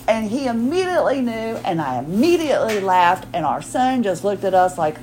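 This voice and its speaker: A chatty woman in her forties talks on her own podcast, rambling from one thought to the next with lots of restarts. Her voice sits at an ordinary middle pitch, with a faint hum of room noise behind her. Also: very animated, normal speed, hardly any pauses, a little mellow, rough recording. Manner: chatty and rambling, with frequent restarts and acted-out quotes. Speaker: podcast host. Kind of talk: casual solo podcast chat.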